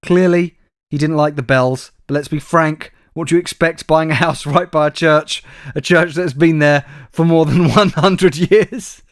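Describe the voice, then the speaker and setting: A man reading news stories aloud on a comedy podcast, dry and wry in his delivery. His voice sits a little high for a man, and the sound is close and dry with no room echo. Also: measured pace. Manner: dry, wry delivery, addresses co-host by name. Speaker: podcast co-host.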